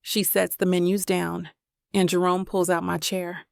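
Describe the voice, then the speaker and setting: Woman, romance audiobook narrator, gravelly low texture, dry close mic, intimate telling. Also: little pitch movement, measured pace, dry recording. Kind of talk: scripted romance narration, first person.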